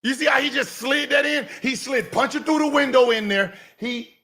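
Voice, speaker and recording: A man talks over video clips, casual and teasing. His voice sits high and comes out husky, and he keeps poking holes in the stories he hears. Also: moderate pace. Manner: mocking, loud, laughing and shouting at times. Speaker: host reacting to clips. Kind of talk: casual reaction commentary.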